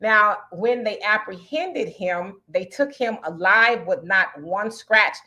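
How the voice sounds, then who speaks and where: A woman's voice: mid-range voice, lively intonation, takes it slowly, bright, forceful tone, lo-fi sound. A middle-aged woman hosting a casual live-streamed talk show, chatting conversationally and reading viewer comments aloud. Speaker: host.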